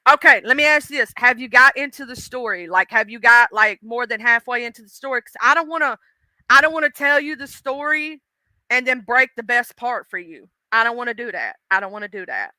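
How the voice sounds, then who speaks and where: Bright, animated woman live-streaming. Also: high-pitched, brisk, no room sound. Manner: animated, chatty, drawls and curses casually. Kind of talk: casual live-stream chat.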